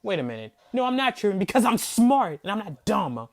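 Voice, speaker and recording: A man's voice: high-pitched, sing-song, brisk. A man hosting a sports reaction video, ranting in heated, profane disbelief and repeating himself for emphasis. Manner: mocking, disbelieving. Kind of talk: angry fan reaction rant.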